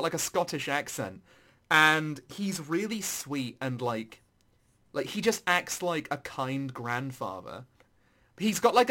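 A man in casual chat about video games, animated and swearing, his voice jumping high when excited.

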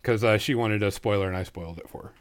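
A man's voice: fairly low pitch, fast talker, clear, resonant tone. A man hosting a casual podcast chat, easygoing and rambling, with many ums and uhs. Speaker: podcast host.

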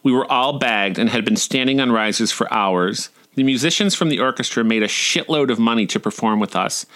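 A man's voice: medium pitch, a little fast, a bit bright. A man in his forties reading his own humorous personal essays in a wry, irreverent, playfully profane way. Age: 40s.

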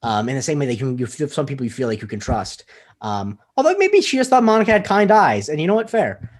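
A man's voice: mid-range voice, very animated, fast, slightly rough. A man hosting a podcast in casual chat, opinionated and joking. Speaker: podcast host.

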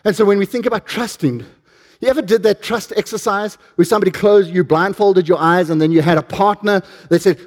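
Male preacher, high voice, animated storytelling sermon with questions to the crowd. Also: a little fast.

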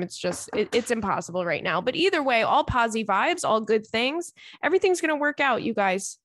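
A woman's voice: on the high side, animated, brisk, few pauses, fairly bright tone, no echo. A woman hosting a casual solo podcast from home, telling candid, profane stories in a chatty way. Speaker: podcast host. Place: home, indoors.

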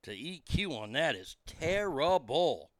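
Unhurried and fairly high-pitched, this host's voice swings widely in pitch as he rambles through a casual, irreverent, profane solo monologue on his own show. He uses a studio mic through a mixing board, and there is no echo.

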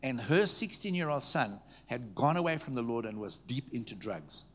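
A man preaching to a congregation, telling stories in a conversational way, checking in with the listeners and dropping to a hushed tone at tender moments. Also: medium pitch, big pitch swings, normal speed, a little hiss or hum. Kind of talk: storytelling sermon. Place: church meeting before a live audience.

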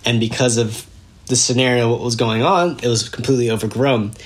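A man's voice: medium pitch, a little fast. Young man telling a wild story. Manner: animated, laughing, acts out quotes. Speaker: podcast guest. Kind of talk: casual storytelling.

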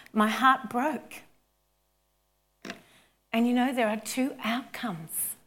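Australian woman pastor, a little high-voiced and slow, chatty story that builds to fervent calls. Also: fairly bright tone. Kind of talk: sermon.

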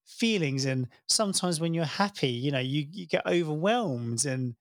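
A man in his thirties with a gravelly, slightly raised voice, telling a family story in easy conversation. His delivery is warm and animated, and he jumps up in pitch whenever he quotes his kids. The sound is close and dry. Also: moderate pace, dry recording. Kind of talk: casual chat.

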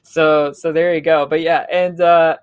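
Animated podcast co-host, dry sound. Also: mid-range voice, clean tone, no room sound. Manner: animated and quick to laugh, often acting out movie lines. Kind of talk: casual chat.

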